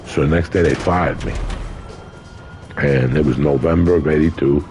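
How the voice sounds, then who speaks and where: A man's voice: extremely low pitch, steady tone, normal speed, a little mellow, soft background music. A man in his sixties, a podcast guest telling a story in casual chat, blunt and profane.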